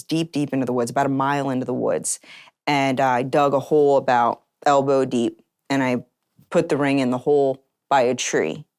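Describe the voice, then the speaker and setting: A woman's voice: rumbling low, darkish tone, clear, resonant tone, no echo, clean studio sound. A woman telling her personal story in an interview, earnest and acting out remembered conversations. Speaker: interview guest.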